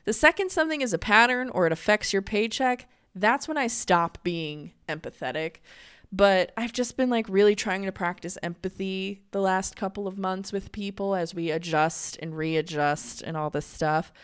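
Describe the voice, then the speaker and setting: A woman's voice: medium pitch, normal speed, a bit bright, clean tone. A young woman in a casual, candid monologue, chatty and full of "like" fillers. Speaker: podcast host.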